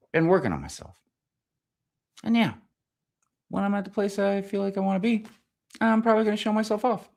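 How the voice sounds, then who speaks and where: Brief: male streamer, profane comedic rant, lively up-and-down delivery, exasperated. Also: medium pitch. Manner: swears constantly, animated and exasperated.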